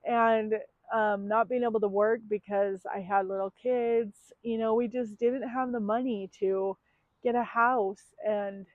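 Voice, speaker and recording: A woman's voice: medium pitch, no echo. A woman in her thirties opens up in a personal confessional vlog, talking candidly and emotionally with plenty of ums and likes. Her voice comes through thin and tinny, like a phone line. The sound is dry, with no room around it. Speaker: vlogger.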